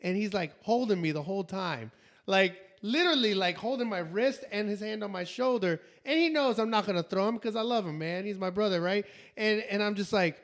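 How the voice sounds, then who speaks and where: A man in his forties tells a story on a casual podcast, speaking in a fairly high voice. He gets animated, acts out what people said and laughs as he talks. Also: fairly quick. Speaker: podcast co-host. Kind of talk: casual chat.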